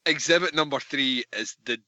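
A man's voice: medium pitch, moderate pace, sharp tone. A man hosting a podcast, chatting enthusiastically and swearing freely about a film. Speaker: podcast host. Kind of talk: casual film review chat.

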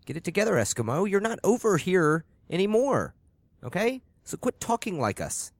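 A man's voice: sits high, sing-song, moderate pace, dry recording, clean studio sound. A man co-hosting a podcast, teasing his co-host in profane casual chat and laughing often.

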